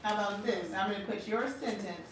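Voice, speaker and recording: A woman's voice: medium pitch, fairly quick, a crowd in the background. Woman teacher, casual and laughing, echoey classroom, heard from across the room. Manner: casual, laughs often, asks "right?" a lot. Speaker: language teacher. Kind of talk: classroom lesson. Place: classroom with a board. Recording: echoey room, recorded from far off.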